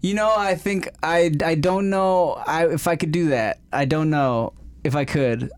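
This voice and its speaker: A man's voice: fairly high pitch, unhurried, clear, resonant tone. A man co-hosting a comedy podcast, chatting crudely and casually with lots of fillers and laughs. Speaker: podcast co-host.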